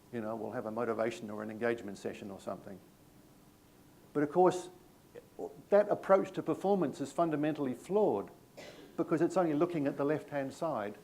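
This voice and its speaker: A man's voice: mid-range voice, expressive, fairly quick, a little mellow, a little hiss or hum. New Zealand man presenting a workshop. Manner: conversational, anecdotal, self-deprecating humour. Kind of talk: live training session.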